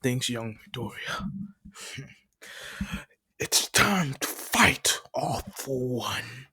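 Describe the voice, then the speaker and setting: A man voicing a heroic muscular male superhero, crying out in a strained, shouted voice. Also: medium pitch, very animated, drawn-out words, breathy edge, heavily acted. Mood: triumphant.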